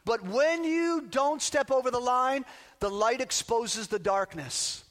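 High-voiced preaching man in a reverberant hall. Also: slow, a bit bright. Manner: emphatic preaching with repeated rallying phrases. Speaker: pastor. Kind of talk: sermon. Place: church sanctuary. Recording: long reverb of a large hall.

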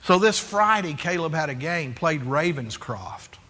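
A man in his forties preaching a sermon as a pastor, animated and confessional, acting out quotes and calling for amens. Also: on the high side, a little slow. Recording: echoey hall.

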